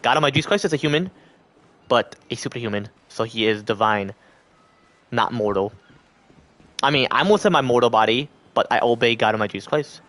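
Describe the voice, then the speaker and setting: This male streamer addresses his chat at a middle pitch with a slightly bright tone, speaking a little fast and pausing often. He rambles in a casual, unscripted way and slips into put-on voices to act out others' words.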